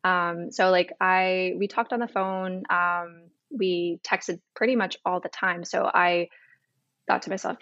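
A woman's voice: fairly low pitch, steady tone, a little slow, fairly bright tone, no echo, highs cut off. A woman in her twenties from Canada, telling a personal story as an interview guest, chatty and full of quoted dialogue.

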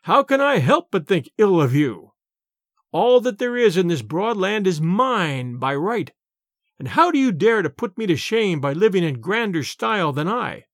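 A haughty medieval king barks orders and scolds, put on by a male storyteller. The voice sits high and swings widely, and the sound is close and dry. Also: very animated, normal speed, dry recording. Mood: stern. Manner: imperious, scolding. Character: proud, angry medieval king, grown man. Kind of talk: storybook character voice.

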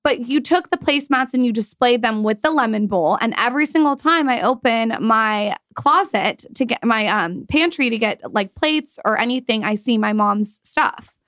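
A woman's voice: fairly high pitch, a bit bright, no room sound. A young woman hosting a podcast, asking her guest questions and gushing with affection. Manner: gushing and affectionate, quick exclamations. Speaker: podcast host. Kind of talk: casual podcast chat.

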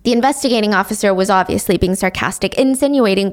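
A woman's voice: mid-range voice, quick pace, hardly any pauses. A woman casually telling a true-crime story to a friend, with indignant, sarcastic asides.

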